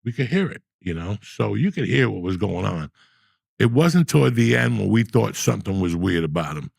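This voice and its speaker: A middle-aged man tells his stories with a rough, gravelly rasp in a lowish register. He gets animated and profane as he talks. The sound is close and dry, with no room around it. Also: normal speed, dry recording. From New Jersey. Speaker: podcast host. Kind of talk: storytelling in casual chat.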